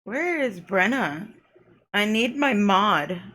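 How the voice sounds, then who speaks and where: A woman's voice: medium pitch, expressive, slow, a bit bright. A young woman streaming a dating game, reading its narration aloud and ranting and swearing at it in casual commentary. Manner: reads game narration aloud, then rants and swears in frustration. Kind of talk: live gameplay commentary.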